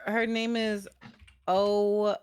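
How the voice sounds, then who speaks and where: A woman's voice: mid-range voice, little pitch movement, drawn-out words, darkish tone, smooth, no echo. A woman co-hosting a live stream, encouraging and laughing in casual chat. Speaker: co-host streamer.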